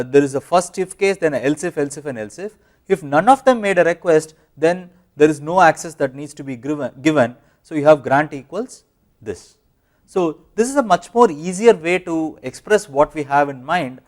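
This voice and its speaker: A man with an Indian English accent giving a university lecture, explaining step by step with fillers and self-corrections. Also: fairly high pitch.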